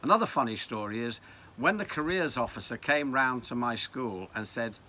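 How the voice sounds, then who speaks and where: A man in his seventies with a Liverpool accent, telling reminiscences in a wry, animated way. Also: medium pitch, normal speed. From Liverpool, England. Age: 70s. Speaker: storyteller. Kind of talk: reminiscing narration.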